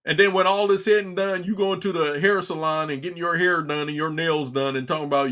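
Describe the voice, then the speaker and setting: A middle-aged man holds forth on his livestream in a casual, exasperated rant. He keeps circling back and restarting his sentences, and his voice sits a little higher than most men's. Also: steady tone, brisk, few pauses, sharp tone. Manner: frustrated, repetitive, stumbling restarts. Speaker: livestream talk show host. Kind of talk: casual ranting commentary.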